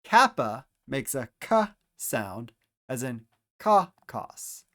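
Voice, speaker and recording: A man teaching Greek pronunciation, speaking deliberately and repeating each letter and example word for the listener. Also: medium pitch, very animated, pushed and bright. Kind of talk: slow instructional pronunciation lesson.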